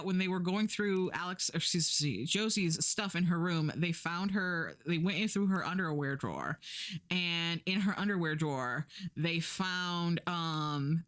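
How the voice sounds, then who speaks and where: A young woman streamer casually retelling a drama plot, chatty and sarcastic, acting out lines in a higher voice. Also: a bit bright, smooth.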